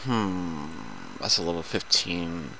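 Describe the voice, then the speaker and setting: A man's voice: low voice, slow, background noise. A man chatting casually and profanely while playing a video game with a friend. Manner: profane, loose and talkative. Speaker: gaming commentator. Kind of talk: casual gameplay chat.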